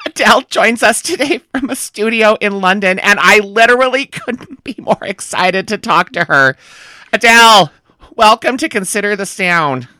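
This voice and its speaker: A man's voice: high voice, animated, normal speed, bright, forceful tone, no echo, exaggerated voice. A man playing a gushing, flustered radio interviewer in a comedy sketch.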